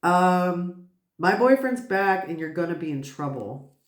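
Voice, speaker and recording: A woman's voice: fairly low pitch, expressive, a little slow, reverberant. Woman doing a giggly, rambling tarot reading. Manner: rambling, swears, bursts out laughing. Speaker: tarot reader.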